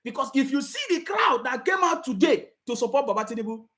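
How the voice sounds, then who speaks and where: A Nigerian woman with a Nigerian accent giving impassioned political commentary, emphatic and repetitive, at times shouting. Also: high voice, expressive, fast talker.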